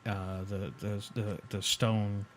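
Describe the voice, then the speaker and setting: A man's voice: lowish voice, flat delivery, slow, slight background noise. A man co-hosting a podcast in a studio, chatting casually and rambling through stories with many fillers and restarts. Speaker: podcast co-host. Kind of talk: casual chat.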